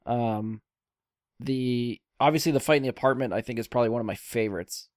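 A man's voice: mid-range voice, fairly quick, a little mellow, dry recording, clean studio sound. A man hosting a casual podcast chat about a film, enthusiastic and swearing casually as he talks. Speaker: podcast host.

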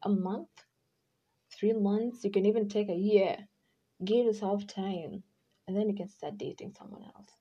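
A woman's voice: mid-range voice, steady tone, moderate pace, dark tone, husky, highs cut off. A woman hosting a podcast, talking in a casual advice monologue, chatty and acting out quoted voices. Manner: chatty, acts out quoted voices, laughs often. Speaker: podcast host.

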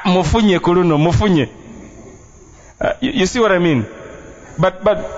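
High-voiced pastor preaching. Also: male voice, slight background noise. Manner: emphatic and playful, mixing in Luganda phrases. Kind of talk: sermon. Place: church. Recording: dull, muffled sound.

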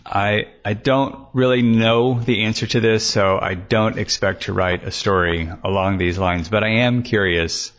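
Low-voiced male storyteller, muffled. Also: steady tone, a bit bright. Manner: measured, then chatty asides. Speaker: podcast storyteller. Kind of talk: scripted narration of a serial story. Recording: dull lo-fi recording.

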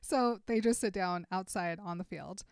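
A woman co-hosting a casual chat, calmly retelling a movie scene by scene and quoting the characters in a dry way. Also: mid-range voice, moderate pace, clean tone, no room sound. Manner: relaxed storyteller, quotes characters dryly.

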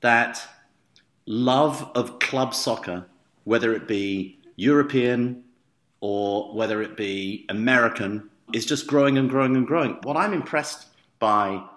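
A man co-hosting a podcast at a middle pitch, joking and teasing in easygoing banter. His voice carries a noticeable room echo. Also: measured pace, fairly bright tone. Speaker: podcast co-host. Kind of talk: casual chat.

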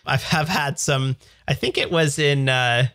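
A man's voice: on the high side, unhurried, a bit bright, dry recording, clean studio sound. A Canadian man in his thirties co-hosting a podcast, explaining things in an upbeat, jokey way with lots of examples. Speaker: podcast co-host. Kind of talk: casual tech chat.

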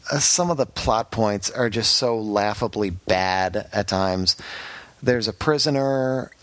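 A man's voice: on the low side, slow pace, a bit bright, dry recording. A man hosting a podcast, giving a frank, rambling game review in casual chat, with many fillers and restarts. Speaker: podcast host reviewing games.

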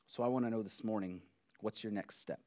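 Male pastor preaching, earnest and chatty, soft then emphatic. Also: on the low side, fairly even intonation, fairly quick. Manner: earnest, conversational, swings between soft and emphatic. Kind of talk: sermon.

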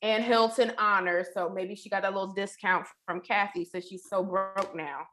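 A woman's voice: medium pitch, fairly even intonation, normal speed, fairly bright tone. A woman co-hosting a podcast in casual chat, chatty and slangy, laughing often. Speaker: podcast co-host.

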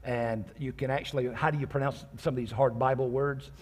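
A man preaching a sermon in a husky, slightly breathy voice. He reads scripture aloud verse by verse and explains it in an easygoing, conversational way. He throws in joking asides to his congregation. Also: medium pitch, fairly even intonation, fairly quick. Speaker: pastor.

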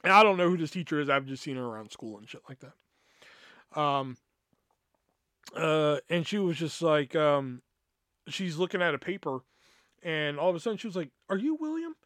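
A young man hosting a podcast, telling a rambling, profane story with lots of fillers and animated energy. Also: a little high, moderate pace, long pauses, no echo, clean studio sound. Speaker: podcast host. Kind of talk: casual storytelling.

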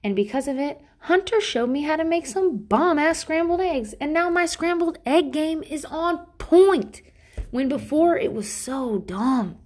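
A woman's voice: high voice, lively intonation, unhurried, darkish tone. A woman, a mother, talking casually to her audience in a rambling, profane, self-mocking way from a bathroom at home. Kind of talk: casual solo monologue.

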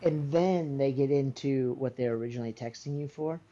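A man's voice: mid-range voice, moderate pace, mellow, dull audio. A man in casual chat, explaining his pet peeves in a matter-of-fact way.

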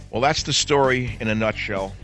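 Low-voiced indignant male radio host. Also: moderate pace, fairly bright tone, soft background music. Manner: indignant and sarcastic, with scornful asides. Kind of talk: political commentary monologue.

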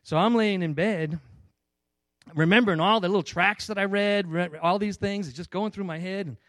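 A man's voice: high-pitched, normal speed, a bit bright, no room sound. A man giving a personal church testimony, telling his story with emotion, many restarts and acted-out dialogue.

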